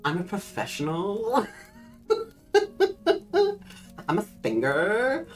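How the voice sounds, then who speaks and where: A woman's voice: medium pitch, big pitch swings, takes it slowly, soft background music. A woman hosting a casual livestream, chatting freely, laughing often and swearing casually. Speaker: livestream host.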